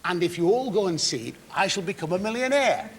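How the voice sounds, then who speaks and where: A man's voice: high-pitched, sing-song, quick pace. A man with a Northern English accent, a chat show guest telling anecdotes in a dry, blunt way. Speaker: actor guest. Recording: faint hiss on an old TV recording.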